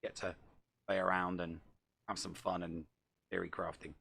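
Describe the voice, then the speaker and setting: A man co-hosting a podcast who stammers on repeated words and trails off softly. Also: low-pitched, little pitch movement, moderate pace, gravelly, slightly rough. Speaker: podcast co-host. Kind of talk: casual chat.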